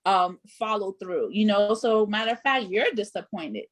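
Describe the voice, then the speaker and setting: A woman's voice: medium pitch, animated, moderate pace. A young adult woman hosting a casual panel discussion, talking emphatically with many fillers. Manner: emphatic, conversational, lots of fillers. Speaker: panelist and host.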